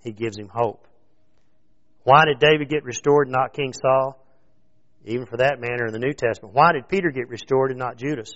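A man pastor preaching a sermon in a conversational, animated way, throwing questions out to his listeners. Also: mid-range voice, a little fast. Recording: dull lo-fi recording.

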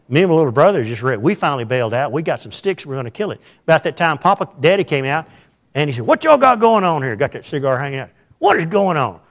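A man's voice: fairly high pitch, a bit bright. A pastor telling a folksy, humorous story in a sermon to his church.

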